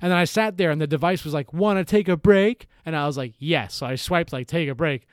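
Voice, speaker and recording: A young man in casual chat, telling animated, rambling stories full of swearing. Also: on the high side, fast, no room sound, clean studio sound.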